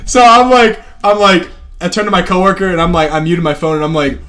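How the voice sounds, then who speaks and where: Young male podcast co-host, light high voice, rambling storyteller who swears and laughs a lot. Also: brisk, fairly bright tone. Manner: rambling, lots of fillers and profanity, laughs while telling stories. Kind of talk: casual storytelling chat.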